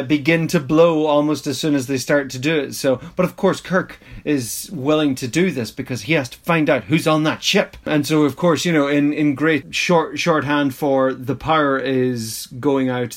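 A man, rambling through a casual episode recap with mock-exasperated asides and frequent laughs. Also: mid-range voice. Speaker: podcast host reviewing an episode.

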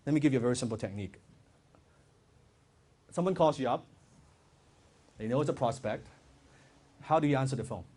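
A man giving a lively live sales seminar, quizzing the audience with questions. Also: mid-range voice, a little fast, long pauses. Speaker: sales trainer and seminar speaker. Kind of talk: live motivational seminar talk.

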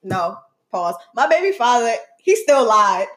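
A young woman co-hosting a casual podcast chat, telling animated stories with lots of laughter and quoted voices. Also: on the high side, measured pace. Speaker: podcast co-host.

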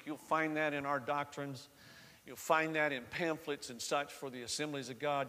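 A man's voice: a little high, moderate pace, sharp tone, big-room sound. A man from the American South with a slight Southern accent, preaching a sermon in a conversational storytelling way that rises to fervent emphasis. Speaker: pastor.

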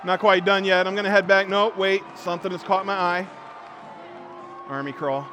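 A man preaching a sermon, telling self-mocking stories with lively jumps between loud and quiet. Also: high voice, moderate pace, crowd noise, noisy background. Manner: joking, self-mocking storytelling; animated, swings from loud to quiet. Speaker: pastor.

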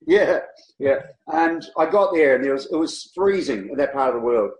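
A man tells his travel stories with animation, his voice sitting a little high for a man. The room around him rings with a noticeable echo. He laughs easily and slips into the voices of people he met. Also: animated, moderate pace, darkish tone, a little hiss or hum. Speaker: guest, long-distance cyclist. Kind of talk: casual storytelling interview. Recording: roomy echo.

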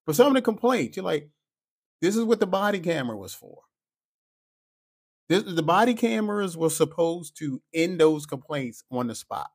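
A man's voice: on the high side, moderate pace, pauses often. A man who is a police officer, talking through his opinions in a casual podcast monologue, emphatic and full of rhetorical asides. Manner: animated, emphatic, rhetorical "right?" asides and acted-out quotes.

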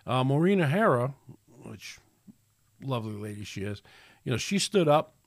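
A man talks through a casual solo podcast in a preachy, rambling way, starting over and filling gaps as he goes. His voice sits at a middling pitch. The close recording is dry, with no room sound around it. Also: very animated, moderate pace, dry recording. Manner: rambling, preachy, with many restarts and fillers. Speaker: podcast host.

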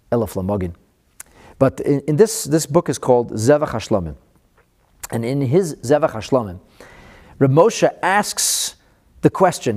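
A man giving a Torah lesson, animated, slowing down to stress the Hebrew verses he quotes. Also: mid-range voice. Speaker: Torah teacher.

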